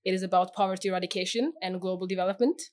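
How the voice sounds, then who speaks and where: A woman's voice: lowish voice, steady tone, darkish tone. Laughing young Norwegian woman. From Norway. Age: young adult. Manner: chatty, laughs often, halting with fillers. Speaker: guest. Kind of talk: casual interview chat.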